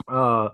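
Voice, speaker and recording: A tattoo artist co-hosts a tattooing podcast from a home studio with outside noise nearby, chatting casually with lots of swearing and laughter, and coughing after a drink went down the wrong pipe. His voice sits high, fairly bright and husky. The sound is studio quality with no room sound.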